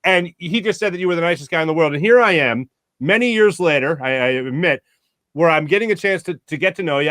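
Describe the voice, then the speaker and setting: A man hosting a sports talk show, interviewing his guest with excitement and gushing praise. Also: on the high side, no room sound, clean studio sound. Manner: excited, gushing, animated storytelling. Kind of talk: enthusiastic interview chat.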